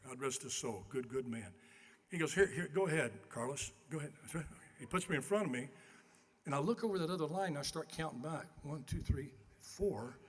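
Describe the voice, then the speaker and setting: A man's voice: fairly high pitch, expressive, brisk, breathy edge. An older man giving an acceptance speech at a banquet, telling folksy, self-deprecating stories at a podium microphone in a large hall. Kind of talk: after-dinner storytelling speech. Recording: long banquet hall reverb.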